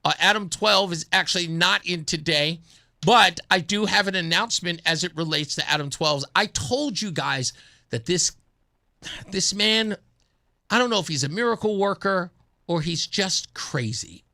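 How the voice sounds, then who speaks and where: A man hosts a radio talk show in a bright, forward voice. His pitch rises and falls a lot as he chats casually and acts out stories. He talks into a studio microphone. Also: normal speed. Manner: animated storyteller, acts out a phone call in a low mumbling voice.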